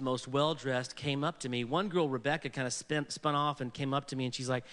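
A man's voice: medium pitch, moderate pace, few pauses. A man preaching a story-driven sermon, acting out the people he quotes with shifting voices. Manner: animated, acts out quoted people in varied voices.

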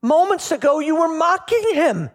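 A man's voice: very high-pitched, big pitch swings, moderate pace, pitched above the performer's own voice. A man voicing a startled male angel at heaven's gate, speaking with incredulous, rising disbelief.

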